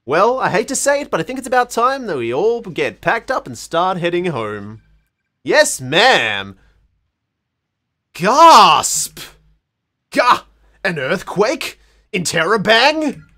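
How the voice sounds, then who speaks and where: A man's voice: high-pitched, big pitch swings, normal speed, a bit bright. An Australian man streaming a game, reading the characters' dialogue aloud in playful put-on voices and joking between lines.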